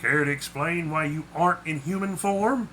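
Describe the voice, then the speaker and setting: A man voicing a grumpy male Sasquatch who lives in a trailer park, speaking gruffly and curtly. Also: very high-pitched, sing-song, normal speed, pushed and bright, a little hiss or hum, voice pushed up, heavily acted. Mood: weary.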